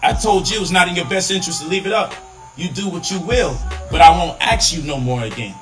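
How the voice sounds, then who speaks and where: A man's voice: sits high, animated, fairly quick, a bit bright, faint music behind, poor audio. A man giving emphatic, lecturing commentary on a live online show.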